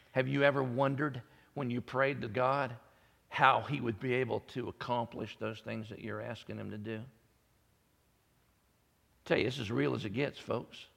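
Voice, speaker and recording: A man preaching a sermon, building up to loud high-pitched peaks when he stresses a point. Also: gravelly, long reverb tail. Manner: preaching, climbing into high shouted peaks for emphasis. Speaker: pastor.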